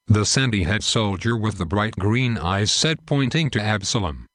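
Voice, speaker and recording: A man narrating a war story in a steady, scripted reading. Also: on the low side, normal speed, few pauses, dry recording, clean studio sound.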